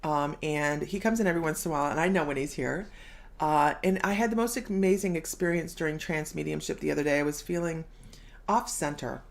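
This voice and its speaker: A woman's voice: sits low, brisk, creaky. A middle-aged woman hosting a casual live stream as a psychic medium, bubbly, laughing often and reading viewer comments aloud.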